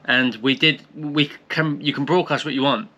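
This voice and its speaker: A man's voice: on the high side, moderate pace, sharp tone, lo-fi sound. A young man with a Portsmouth English accent, earnestly explaining and clarifying things in casual vlog chat. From England. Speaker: travel vlogger.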